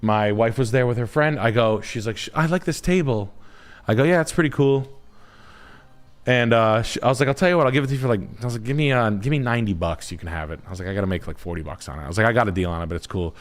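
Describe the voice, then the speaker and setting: A man's voice: fairly low pitch, rapid-fire, soft background music. A man, a realtor hosting a live stream, telling a long casual story with lots of swearing and trailing off while he hunts for words. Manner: rambling, profane, trails off searching for words.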